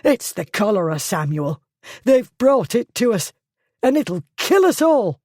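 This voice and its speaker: A woman reading an audiobook voices a panicking schoolmistress, shrill, loud and screaming. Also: big pitch swings, a little slow, dry recording, clean studio sound. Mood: panicked. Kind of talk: audiobook character voice.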